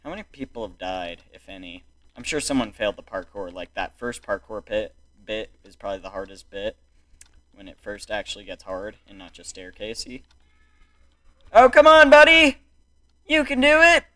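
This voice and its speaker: A young man giving excitable, exclamatory commentary while playing a video game. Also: sits low, brisk. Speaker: gaming YouTuber. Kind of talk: gameplay commentary.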